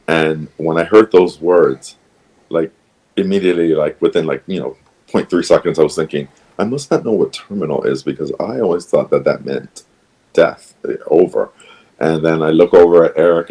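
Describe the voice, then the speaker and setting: A man on a podcast telling a personal story in a hesitant, halting way, full of pauses and restarts. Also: very deep voice, darkish tone, low-quality recording. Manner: hesitant, many ums and restarts, emotional retelling. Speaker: podcast guest.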